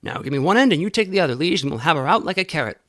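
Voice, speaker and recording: Lady reading as a big gruff grave digger guy, growly and rough. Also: sits low, lively intonation, rapid-fire, a bit bright, dry recording, clean studio sound. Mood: cheerful. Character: heavy gruff grave-robbing man.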